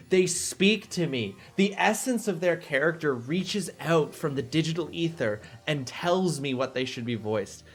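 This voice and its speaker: A man's voice: a little high, unhurried, hardly any pauses, slightly rough, faint music behind. Chatty young streamer man. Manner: chatty, excitable, responding to chat. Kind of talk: casual live-stream chat.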